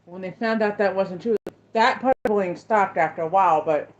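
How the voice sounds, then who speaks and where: A woman's voice: medium pitch, brisk. A woman hosting a casual chat with viewers, telling a story in a rambling way with many restarts. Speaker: host. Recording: dull lo-fi sound.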